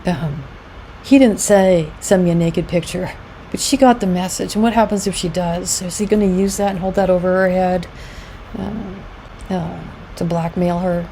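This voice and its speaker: A woman's voice: fairly low pitch, steady tone, normal speed, mellow, slight background noise, low-quality recording. A middle-aged woman giving a conversational educational talk about abuse, with frequent fillers, and she acts out quoted lines as she goes. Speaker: founder of a domestic abuse support group, presenter.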